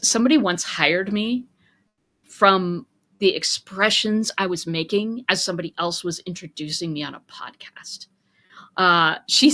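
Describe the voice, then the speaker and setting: A woman guest on a podcast, telling personal stories in a casual, animated way, often pausing on 'uh' fillers, talking over an online video call. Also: mid-range voice, no room sound. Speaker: guest, business owner.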